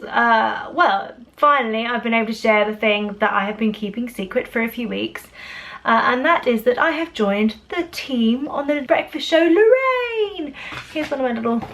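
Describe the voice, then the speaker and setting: A woman's voice: a little high, a bit bright. A woman in her thirties from England chatting casually to camera in a rambling vlog, full of restarts. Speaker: vlogger.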